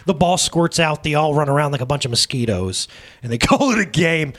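A man in his thirties preaching a casual, humorous sermon at a church service, telling stories in an animated, jokey way with asides to the congregation. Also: fairly high pitch, moderate pace. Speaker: pastor.

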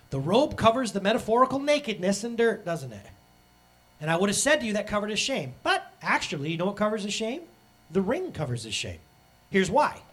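A man in his thirties preaching a sermon as pastor, animated and acting out the voices he quotes. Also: high voice, breathy edge.

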